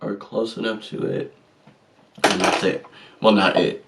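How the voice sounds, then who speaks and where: A man's voice: on the low side, lively intonation, measured pace, vocal fry, far from the mic, noisy background. A man chatting casually and sassily through a makeup tutorial, joking at his own mistakes. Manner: chatty, sassy and self-deprecating. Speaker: vlogger.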